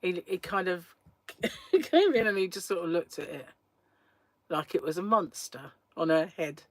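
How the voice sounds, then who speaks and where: A woman's voice: lowish voice, expressive, a little slow, no room sound. A woman, hosting a casual live stream, telling a chatty story and laughing often. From England. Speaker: crochet livestream host.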